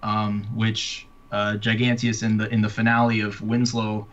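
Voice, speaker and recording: Speaking in a low, monotone voice with a fairly bright tone, an author talks casually about his books and his readers. He stumbles, restarts frequently, and leans on fillers, and the audio is dull.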